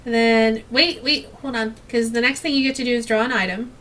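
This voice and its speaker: A woman leads the others through a board game, calmly guiding each step and breaking into laughter now and then. Her voice is bright and a little high. She sits slightly back from the mic. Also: brisk, recorded from a distance, a little hiss or hum. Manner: patient, guiding, laughs often. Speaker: game host explaining the rules. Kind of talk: casual tabletop game play.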